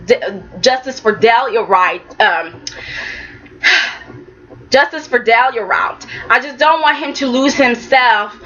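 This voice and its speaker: A young woman casually recapping a soap opera, animated and chatty, slipping into quick impressions of the characters. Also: on the high side, dull audio, slight background noise.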